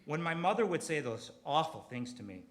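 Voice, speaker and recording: A middle-aged man tells a confessional comedy story on a theater stage. His voice sits a little high for a man and jumps all over the place in pitch. He drops to quiet asides, then pushes into loud, emphatic bursts. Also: big pitch swings, brisk. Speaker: comedy writer performing a personal story. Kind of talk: storytelling stand-up set.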